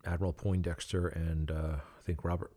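Low-voiced man telling a rambling story. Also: flat delivery, dark tone. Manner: rambling, halting, many fillers and chuckles. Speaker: podcast host. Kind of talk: casual anecdotal storytelling.

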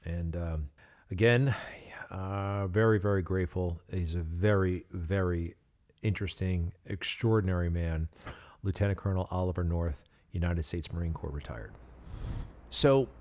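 Male podcast host with a deep voice, casual anecdotal storyteller with halting delivery. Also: fairly even intonation, darkish tone. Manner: rambling, halting, many fillers and chuckles.

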